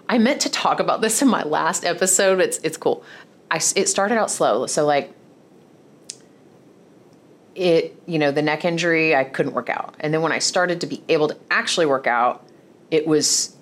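A woman hosting a solo podcast, talking candidly and bluntly, with plenty of swearing and restarts. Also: low-pitched. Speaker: podcast host. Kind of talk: casual solo podcast monologue.

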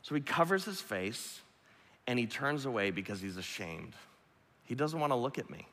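Pastor, man, middle-aged; earnest repeated-emphasis sermon, tense bright tone, long hall echo. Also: mid-range voice, sing-song, normal speed.

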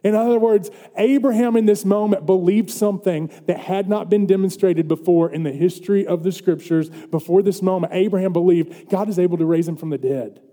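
A man's voice: high-pitched, brisk, hardly any pauses, warm tone. A man preaching a sermon as pastor, earnest and building to emphatic questions. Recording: long hall reverb.

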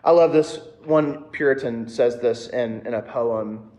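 A man's voice: medium pitch, measured pace, a little mellow, echoey room. A man preaching a sermon in a casual, conversational way, telling a personal story and turning often to the audience. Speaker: pastor.

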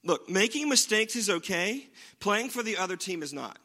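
A man's voice: sits high, big pitch swings, moderate pace, pushed and bright. A man preaching a sermon in a conversational way, often checking in with his listeners by asking "right?". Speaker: pastor.

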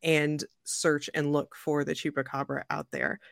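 A young adult woman hosting a podcast, telling a story in a lively, joking way and laughing often. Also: low-pitched, measured pace, creaky, no room sound, studio quality. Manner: animated, jokey, laughs often. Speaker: podcast host. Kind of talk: casual storytelling chat.

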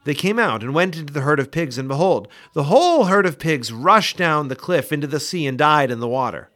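Man reading scripture with lively pitch. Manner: expressive, measured scripture reading. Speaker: scripture reader. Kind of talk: Bible reading podcast.

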